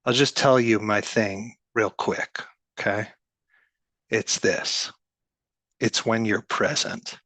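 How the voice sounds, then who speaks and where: A man's voice: lowish voice, steady tone, takes it slowly, pauses often, fairly bright tone, no echo. A man reading aloud a voicemail from an eager, rambling male friend who is a longtime meditator.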